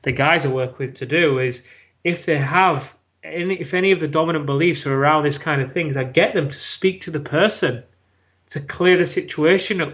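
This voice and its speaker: Guesting on a podcast, this British man shares a personal story with blunt honesty and plenty of swearing, performing his own past words. He sounds slightly high and a bit bright.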